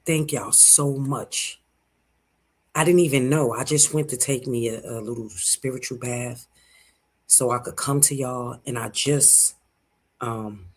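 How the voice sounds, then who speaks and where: A man's voice: medium pitch, breathy edge. A man in his forties hosting a casual livestream, emotional and rambling, thanking viewers through tears of joy. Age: 40s. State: teary-eyed. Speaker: livestream host.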